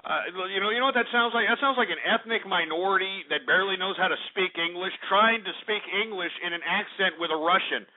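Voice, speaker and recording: Abrasive high-voiced radio host. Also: male voice, fairly quick, few pauses. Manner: abrasive, insults and mocks callers. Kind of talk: call-in talk radio. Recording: lo-fi radio broadcast, phone-like.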